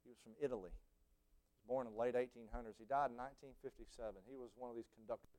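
A male preacher, giving a sermon full of stories. His voice drops low and then bursts out in shouts. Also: fairly even intonation, fast talker. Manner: storytelling, swings from hushed to shouting.

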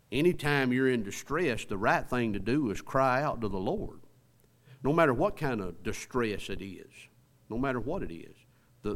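Man, preacher, sermon, slow scripture reading, emphatic exhortation, questions to the congregation. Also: mid-range voice. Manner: reads scripture slowly, rises to emphatic exhortation.

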